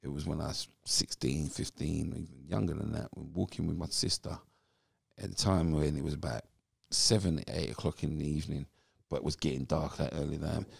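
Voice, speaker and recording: British guy in his 50s, very gravelly low voice, husky, animated storyteller, dry sound. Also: fairly quick, no echo. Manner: animated storyteller acting out what people said. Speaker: guest, former footballer. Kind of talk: storytelling interview.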